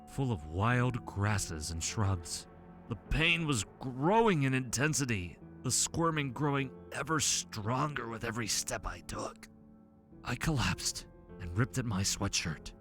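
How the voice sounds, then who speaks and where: Low-voiced man narrating horror. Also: a bit bright. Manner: tense, dramatic storytelling.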